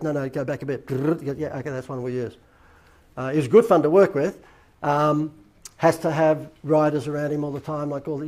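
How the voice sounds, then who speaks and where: An Australian man hosting his own show tells a rambling, casual anecdote and acts out the dialogue he quotes. His voice is a little high with a darkish tone.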